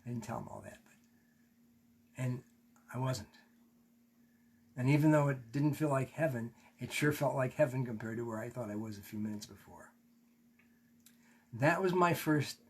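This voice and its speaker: A man's voice: medium pitch, measured pace, long pauses, breathy edge. A man teaching a class, telling a personal story candidly, swearing and acting out what he said back then. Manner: candid, swearing, acts out his own quotes. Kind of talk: storytelling in a lecture.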